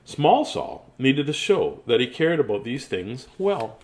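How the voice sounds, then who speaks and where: A chatty man reading a picture book aloud, laughing often and wandering off into asides. His pitch moves in a lively way from line to line. The voice sits in a middle register. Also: measured pace. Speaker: children's book reader. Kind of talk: casual storybook reading.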